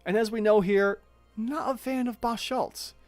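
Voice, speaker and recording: A man's voice: high-pitched, fairly even intonation, a little slow, darkish tone, no echo, soft background music. A man narrating a tabletop monster battle as game master, chatty and thinking aloud as he checks the rules.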